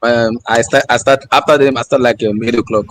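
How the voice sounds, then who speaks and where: A man chatting on a video call, speaking haltingly with fillers. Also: medium pitch, steady tone, a crowd in the background. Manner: hesitant, halting phrasing. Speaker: panelist. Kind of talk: casual video call chat.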